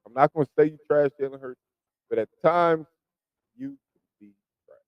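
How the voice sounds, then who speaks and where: Animated man in casual sports talk. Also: normal speed, creaky, clear, resonant tone, no echo, muffled recording. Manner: animated, rambling, swings from low mutters to loud emphasis. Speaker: podcast host.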